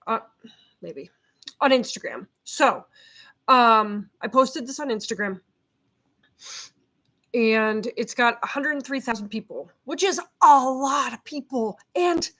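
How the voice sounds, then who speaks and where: A middle-aged woman, a behavior consultant, talking casually to her camera in a feisty, loud, fired-up way. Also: fairly high pitch. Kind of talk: casual vlog talk to camera. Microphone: camera set up at home.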